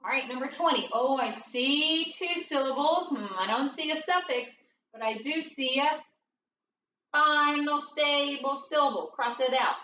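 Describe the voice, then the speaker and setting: A woman teaching a phonics lesson, slowly working through each word aloud and thinking it over as she goes. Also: high-pitched, sharp tone. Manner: slow, deliberate, thinking aloud. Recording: dull, roomy, distant mic with faint noise.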